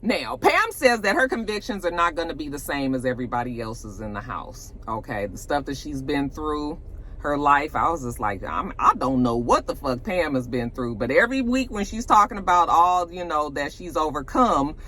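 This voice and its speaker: A woman's voice: deep voice, moderate pace. A woman casually recapping a reality show episode, acting out quotes with swearing and laughter. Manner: animated storytelling, acting out quotes, cursing, laughing.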